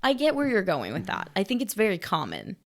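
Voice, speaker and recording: A woman co-hosting a podcast, chatting casually about a film in an animated, playful way. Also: mid-range voice, fairly quick, creaky. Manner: animated, playful, acts out quoted lines. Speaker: podcast co-host. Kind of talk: casual film-review chat.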